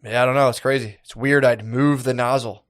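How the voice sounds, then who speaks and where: A man's voice: mid-range voice, steady tone, a little fast, no echo, studio quality. A man co-hosting a comedy podcast, chatting casually and crudely and often chiming in to agree. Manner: laid-back, crude banter, often agreeing. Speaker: podcast co-host.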